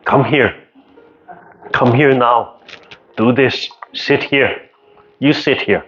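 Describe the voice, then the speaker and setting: A woman's voice: rumbling low, slow, breathy edge, dull audio, pitched above the performer's own voice, exaggerated voice. A man voicing a stubborn, playful toddler girl who barks short, bossy demands. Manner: bossy demands, then sudden cheer.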